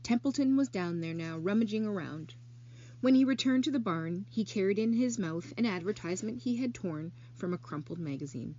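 A woman narrating a children's novel aloud in an expressive storytelling manner. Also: medium pitch, fairly quick, muffled recording.

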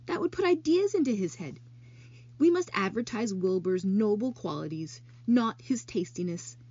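Woman voicing a wise, kind lady spider for a storybook, lively and husky, lo-fi sound. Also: mid-range voice, normal speed. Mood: thoughtful. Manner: gentle, coaxing, lively.

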